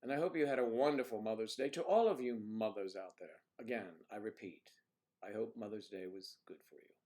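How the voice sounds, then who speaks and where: Older Southern male livestream host, rambling, chatty, keeps clearing his throat. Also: on the low side, a little fast, dark tone. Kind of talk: casual livestream chat reading viewer comments.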